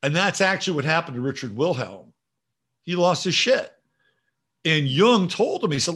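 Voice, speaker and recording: A man's voice: on the high side, expressive, moderate pace, pauses often, fairly bright tone, husky. A man hosting a livestream show, reading out viewer comments and musing aloud in a rambling, casual way with frequent swearing. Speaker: show host.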